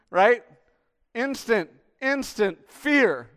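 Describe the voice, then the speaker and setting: A man, a pastor, preaches a sermon animatedly, swinging between emphatic bursts and hushed, intimate appeals. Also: high-pitched, animated, a little slow.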